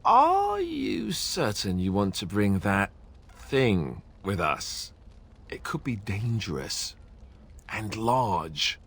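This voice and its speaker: A man's voice: fairly low pitch, huge pitch swings, slow pace, fairly bright tone, slightly rough, heavily acted. A man playing a wary young warrior companion in video game dialogue, speaking cautiously and doubtfully.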